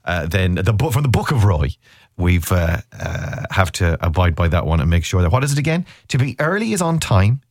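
Chatty radio host, lively voice. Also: male voice, deep voice, brisk, no echo, studio quality. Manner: chatty, teasing, laughs easily. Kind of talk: casual radio banter.

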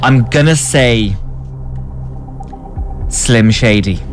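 A man's voice: mid-range voice, extremely slow. Radio guy, laid back and jokey, music in the background. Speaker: radio co-host. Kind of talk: radio quiz chat. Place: radio studio.

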